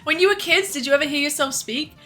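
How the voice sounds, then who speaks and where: A woman's voice: high voice, quick pace, bright, forceful tone, faint music behind. A young woman streamer in candid, rambling casual chat, swearing freely. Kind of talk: casual chat while cooking and gaming.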